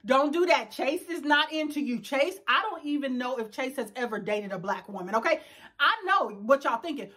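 A woman's voice: sits high, bright, forceful tone. A woman in her thirties reviewing a reality show in a casual, sassy rant, laughing often and talking straight to her viewers. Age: 30s. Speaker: YouTube reviewer. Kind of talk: casual ranting commentary.

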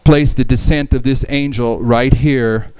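Guy reading bible verses and unpacking them, smooth clear voice, dry close mic. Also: mid-range voice, fairly even intonation, measured pace, a little mellow, no echo, poor audio. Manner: reads scripture aloud and explains it, with frequent restarts. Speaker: Bible study presenter. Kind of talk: Bible study lecture.

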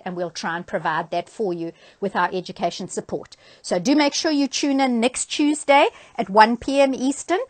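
Brief: older woman, sewing educator, easygoing chatty phone live-stream host, plenty of fillers. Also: mid-range voice. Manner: chatty, friendly, with frequent ums and uhs. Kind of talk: casual live-stream announcements. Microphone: handheld phone.

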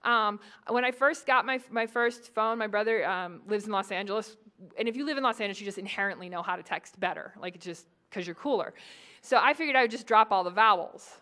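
A woman from the Boston area giving a lively, joking public lecture on psychology and speaking straight to the audience. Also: medium pitch, fairly quick. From New England, Boston area.

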